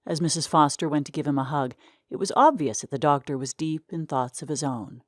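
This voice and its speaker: Low-voiced woman reading a short story. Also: fairly quick, a little mellow, no room sound, clean studio sound. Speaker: reader. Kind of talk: scripted story narration.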